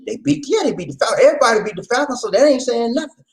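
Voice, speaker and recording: A Charleston, South Carolina man with a Gullah Geechee accent hosts a casual live stream on his channel, talking fast in a very high voice. He's animated and laughing as he reads viewer comments aloud.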